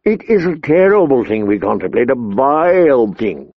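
A man voicing a sly, ingratiating male courtier in an audiobook, soft and slow. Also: mid-range voice, very animated, no echo, muffled recording. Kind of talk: audiobook character voice.

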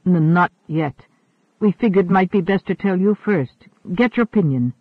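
A man voicing a big, loyal young working man who talks in a gruff, folksy, plain way. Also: high-pitched, animated, normal speed, dry recording. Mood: worried. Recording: narrow phone-like sound.

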